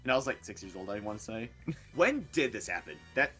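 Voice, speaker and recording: A young man competing on an online game show, chatting casually, quick to laugh and full of "like". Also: lowish voice, over music. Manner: animated, quick to laugh, filler-heavy. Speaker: contestant. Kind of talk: casual chat.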